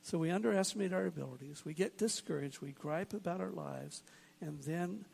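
A man's voice: fairly high pitch, normal speed, vocal fry, a little mellow, a little hiss or hum. A man preaching a sermon as a pastor, earnest and building to emphatic points.

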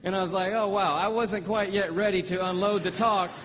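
A man preaching a sermon, telling a story with excitable, animated energy and acting out both sides of a conversation. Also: sits high, a little fast, slight background noise.

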